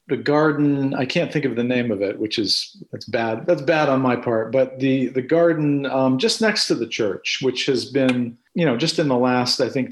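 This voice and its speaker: A man being interviewed for an oral history, reminiscing in a reflective, hesitant way with many restarts. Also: medium pitch.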